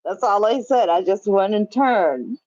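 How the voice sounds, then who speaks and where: Woman, casual livestream chat, unhurried delivery, dry close sound. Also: mid-range voice, lively intonation, darkish tone, no room sound, dull audio. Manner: chatty, swears freely, laughs while reading chat. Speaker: livestream host. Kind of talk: casual live-stream chat. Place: home.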